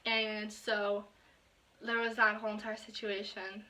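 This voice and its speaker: A young woman telling a personal story in a casual vlog, full of fillers and quoted asides that often drop to a soft whisper. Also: medium pitch, flat delivery, a little slow. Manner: drops to soft whispers when quoting herself and others. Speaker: vlogger.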